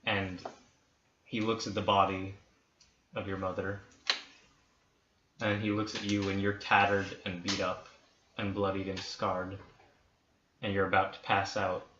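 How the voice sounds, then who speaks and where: A man running a tabletop game, narrating scenes in a hushed, dramatic way. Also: sits low, completely flat delivery. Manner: slow, hushed dramatic storytelling. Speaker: dungeon master. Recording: roomy, dull lo-fi with faint hiss.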